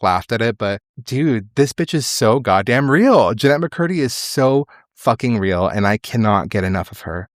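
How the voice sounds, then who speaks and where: A man's voice: on the low side, dry recording, studio quality. Candid young man hosting a podcast. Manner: candid, emotional, swears freely. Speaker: podcast host. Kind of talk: casual solo podcast talk.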